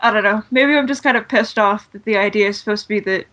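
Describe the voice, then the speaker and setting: A woman's voice: medium pitch, quick pace, fairly bright tone. A woman co-hosting a podcast, recapping wrestling in blunt, sarcastic casual chat and swearing freely. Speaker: podcast co-host.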